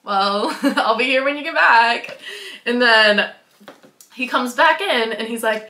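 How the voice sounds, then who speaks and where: A bubbly young vlogger from Wisconsin giggles through a casual story, full of "like" and acted-out quotes. She speaks slowly in a slightly high, pushed, bright voice. Echo from the room is noticeable.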